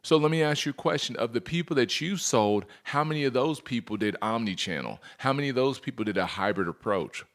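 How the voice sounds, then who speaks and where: Brisk and barely pausing, this man's mid-range voice drives a sales training presentation. He energetically fires rhetorical questions at the audience and plays out dialogues with customers.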